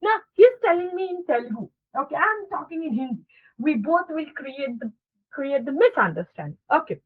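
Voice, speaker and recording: High-voiced woman trainer over a tinny line. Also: normal speed. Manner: animated, acts out sample dialogues, checks in with "okay" and "guys". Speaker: communication skills trainer. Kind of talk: online class lecture. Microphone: video call. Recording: tinny phone-like online class audio.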